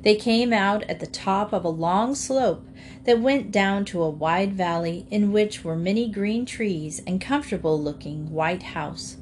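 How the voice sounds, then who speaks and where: Woman storybook narrator, gentle and lively, faint hiss behind. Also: medium pitch, measured pace. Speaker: audiobook reader.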